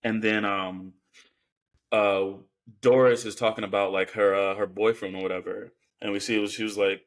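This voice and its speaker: A man's voice: fairly low pitch, little pitch movement, normal speed. A man co-hosting a podcast, recapping a film in a rambling, casual way with lots of fillers. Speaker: podcast co-host. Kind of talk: casual film review chat.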